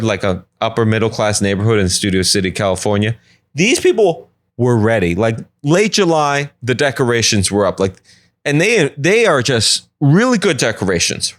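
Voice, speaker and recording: A man hosting a solo comedy podcast from his apartment, rambling from joke to joke with quick asides. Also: mid-range voice, dry recording. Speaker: podcast host.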